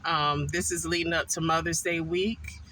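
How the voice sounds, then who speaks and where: A man eating a meal in a car and chatting casually to his viewers, unhurried and full of ums. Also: on the high side, little pitch movement, bright, forceful tone, a little hiss or hum, low-quality recording. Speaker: food vlogger. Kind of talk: casual mukbang chat.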